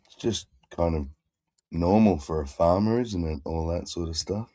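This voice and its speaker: A man's voice: low voice, moderate pace, mellow, no room sound, clean studio sound. A man hosting a casual chat in a crude, rambling, laid-back manner. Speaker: stream host.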